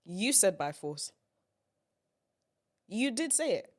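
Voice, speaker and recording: A woman's voice: medium pitch, sing-song, takes it slowly, darkish tone. A woman guesting on a comedy podcast, talking casually with a dry, playfully mock-offended manner.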